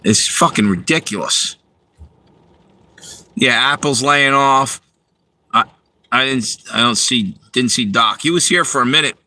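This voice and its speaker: Brief: a man hosting a livestream, heated and profane, tense bright tone. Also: mid-range voice, a little slow, pauses often, dry recording, rough recording. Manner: profane, heated, talks to viewers. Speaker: livestream host reading chat. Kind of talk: angry ranting livestream.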